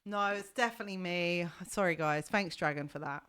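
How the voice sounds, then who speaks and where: A woman's voice: lowish voice, brisk, a bit bright, clean tone, dry recording. Woman, casual streamer host, chatty and giggly, dry close-mic sound. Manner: chatty, laughs often, fiddles with audio settings. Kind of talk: casual chat. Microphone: desk mic.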